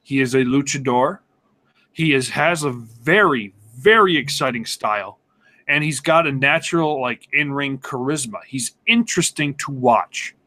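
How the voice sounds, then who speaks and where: A man co-hosting a casual sports podcast, excitable and sarcastic, swearing and laughing as he talks. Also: mid-range voice, unhurried. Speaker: podcast co-host.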